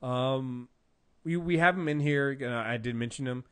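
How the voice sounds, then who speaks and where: A man co-hosting a casual podcast about comic books, retelling stories in an animated way with lots of fillers. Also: medium pitch, moderate pace, clean tone. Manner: animated storyteller, acts out quotes, many fillers. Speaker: podcast co-host. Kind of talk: casual comic book chat.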